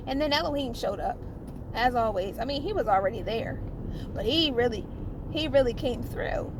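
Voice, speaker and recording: A woman preaching informally about her faith in a fervent, halting way, often repeating and restarting phrases and chuckling. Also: high-pitched, background noise. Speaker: spiritual vlogger.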